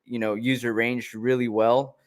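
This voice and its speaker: A man's voice: medium pitch, level tone, moderate pace. A man co-hosting a casual chat show, easygoing and jokey, steering the run-through. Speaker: podcast co-host.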